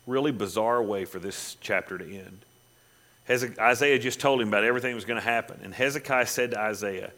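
Bright-voiced man preaching with big swings. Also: mid-range voice, expressive, fairly quick. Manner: dramatic, swinging from loud emphatic reading to quiet asides. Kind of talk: sermon.

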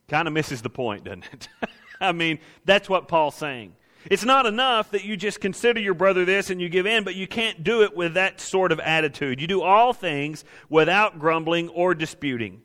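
A man's voice: a little high, moderate pace, sharp tone, big-room sound. A man preaching a sermon in a conversational way, now and then acting out the grumblers he quotes. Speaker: pastor.

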